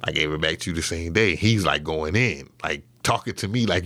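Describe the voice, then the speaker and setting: A man's voice: low-pitched, fairly quick, pushed and bright. A man being interviewed, telling a story in a loose, casual way with lots of fillers and swearing. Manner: loose and profane, with many fillers and restarts. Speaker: interview guest.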